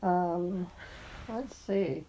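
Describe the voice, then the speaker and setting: A woman speaks very slowly in casual conversation, agreeable and unhurried. A faint hiss of noise sits under her voice. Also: fairly low pitch, creaky, warm tone. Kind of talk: casual chat.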